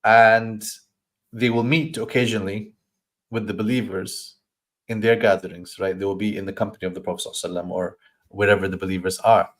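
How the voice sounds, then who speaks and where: A man with a slightly low voice leads a scripture study class. He talks in a considered way, stopping for fillers and restarts as he works through meanings. Now and then he runs through a verse in a quick recited flow. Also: little pitch movement. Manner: thoughtful, stops to search for words, acts out voices in quoted lines; recites Arabic verses in a quick flowing chant. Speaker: Quran teacher. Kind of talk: scholarly explanation in a study session.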